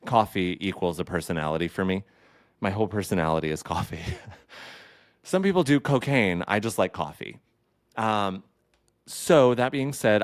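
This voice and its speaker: Chatty deep-voiced man hosting a podcast. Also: no room sound, clean studio sound. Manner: chatty and playful, with campy asides. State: caffeinated. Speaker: podcast host. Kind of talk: casual solo podcast chat.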